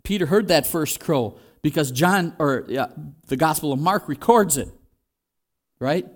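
A man's voice: fairly high pitch, lively intonation, a little slow. A man preaching a sermon in a conversational way, acting out the quoted voices as he goes. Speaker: pastor.

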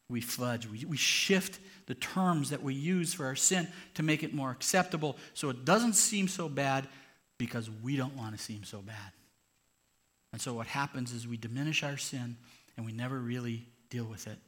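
A man's voice: medium pitch, moderate pace, fairly bright tone. A man, a pastor, preaching a sermon in an earnest, conversational way.

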